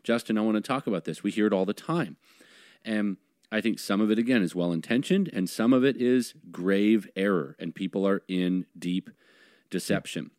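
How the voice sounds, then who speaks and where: Earnest low-voiced male podcast host. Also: normal speed, darkish tone, no echo, clean studio sound. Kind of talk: podcast discussion.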